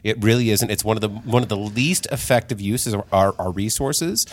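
A man's voice: on the low side, brisk. A man hosting a casual podcast, talking with conviction and explaining things at length. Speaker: podcast host.

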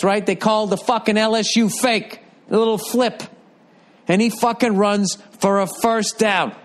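An older man ranting in a rambling, profane, exasperated way, like a commentator. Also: high voice. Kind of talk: profane comedic rant.

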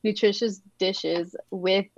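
A woman's voice: medium pitch, fairly even intonation, slow pace, no room sound, dull audio. A woman chatting casually as a podcast co-host, earnest and agreeable. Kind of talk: casual chat.

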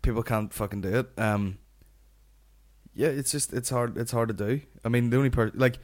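A man's voice: mid-range voice, fairly even intonation, normal speed, darkish tone. Man, Northern Irish accent, comedy podcast host, sweary, rambling banter.

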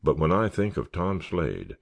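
A genial male scoutmaster, voiced by a male audiobook narrator, delivers an earnest, oratorical speech. The voice is very deep with a gravelly edge, and the pitch rises and falls in lively swings as he rallies his listeners. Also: a little slow, full character voice. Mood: rousing. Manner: earnest, oratorical, rallying cheers. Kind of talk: audiobook character reading.

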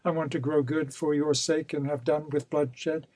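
Cold scheming villain guy, pushy and smooth talking, man reading it out, dry sound. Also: on the high side, little pitch movement, moderate pace, a little mellow, no room sound, lightly acted. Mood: villainous. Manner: cold and insistent, turning coaxing. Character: scheming, ruthless male villain, pleading and menacing.

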